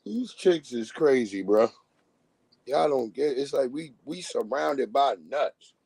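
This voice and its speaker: A man's voice: medium pitch, lively intonation, slow pace, gravelly, darkish tone, slightly rough, no room sound, poor audio. A man on a live stream, ranting bluntly in casual talk and acting out the voices of people he quotes. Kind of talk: casual profane rant.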